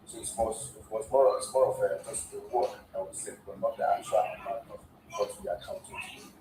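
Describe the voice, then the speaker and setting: Low-voiced man, distant and echoey. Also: steady tone, normal speed, noisy background. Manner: questioning, sums up the guest's points. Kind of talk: casual discussion. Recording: echoey room, far from the mic.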